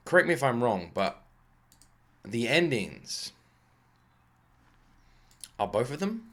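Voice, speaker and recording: A man hosting an anime reaction video, talking in a rambling, excitable way, swearing freely and fighting off a lingering cough. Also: medium pitch, slow. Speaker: anime reaction channel host. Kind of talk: casual reaction commentary.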